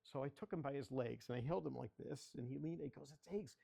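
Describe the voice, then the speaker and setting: An older photographer, invited as a guest speaker, talks fast in a dark, mid-range voice touched with vocal fry. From a children's library area, he leads a club through a slideshow of his photographs, telling stories in a chatty manner and asking for the next slide as he goes.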